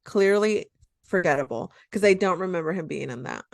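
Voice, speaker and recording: A woman's voice: lowish voice, expressive, brisk, creaky, a little mellow, dry recording, studio quality. A woman co-hosting a podcast in casual chat, blunt and emphatic, swearing freely. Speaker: podcast co-host.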